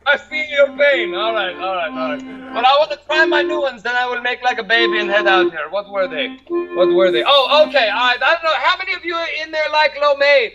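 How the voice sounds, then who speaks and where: A man's voice: very high-pitched, expressive, a little fast, lo-fi sound, over music. A man doing an open-mic stand-up set who keeps checking how the audience reacts to his jokes. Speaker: stand-up comedian.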